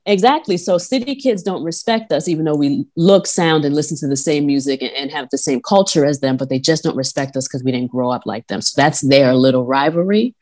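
A woman with a deep, low voice and a thick New York accent talks fights. She is brash and profane, and she stays animated throughout. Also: a little fast, hardly any pauses. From Long Island, New York. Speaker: podcast co-host. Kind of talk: casual fight-talk chat. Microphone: phone or remote call.

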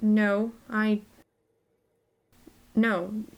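A woman's voice: medium pitch, level tone, very slow. Woman playing a flustered young student. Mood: evasive. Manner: evasive, flustered. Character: nervous young female student, defensive. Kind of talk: tabletop role-play.

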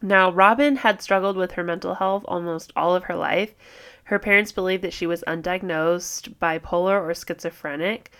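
A woman's voice: on the low side, fairly even intonation, normal speed, a bit bright. A young woman co-hosting a true crime podcast in casual chat, talking freely with swearing and frequent laughter. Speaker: podcast co-host.

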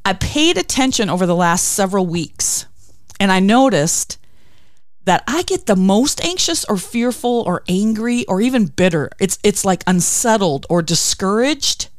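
A woman's voice: mid-range voice, a little slow, no echo, studio quality. A woman hosting a faith devotional talk, telling stories expressively and acting out quotes. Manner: expressive storytelling with acted quotes. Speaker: podcast host.

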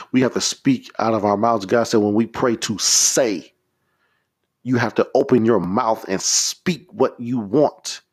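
A man's voice: lowish voice, breathy edge. A man preaching a podcast sermon, leading prayers in a fervent, repetitive, exhorting way.

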